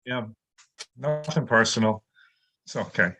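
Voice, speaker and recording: Bright-voiced punning comic from New York. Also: male voice, medium pitch, unhurried. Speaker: stand-up comic. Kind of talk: pun-based stand-up on a video call. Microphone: video call.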